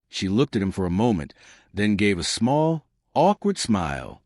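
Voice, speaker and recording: A man narrating scripted jokes in a lively storytelling manner. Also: sits low, moderate pace, no room sound, clean studio sound. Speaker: joke narrator.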